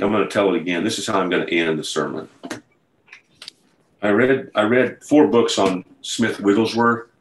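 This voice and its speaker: A man's voice: lowish voice, roomy sound, low-quality recording. A man preaching a sermon over a video call, conversational at first and building to a fervent retelling. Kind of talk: sermon to an online group.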